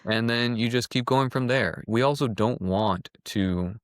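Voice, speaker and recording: A man's voice: mid-range voice, unhurried, no echo, studio quality. A man co-hosting a podcast, thinking aloud casually and reflectively with frequent restarts. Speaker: podcast co-host. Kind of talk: casual chat.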